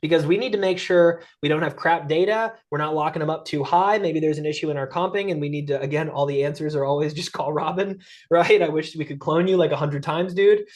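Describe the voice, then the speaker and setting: An energetic, middle-aged male sales coach talks through a webinar presentation in a lively, conversational way. His voice sits a bit higher than most men's, and he keeps tagging his points with quick check-ins to the audience. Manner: energetic, conversational, peppers lines with "right?" and "guys". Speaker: guest speaker and sales coach.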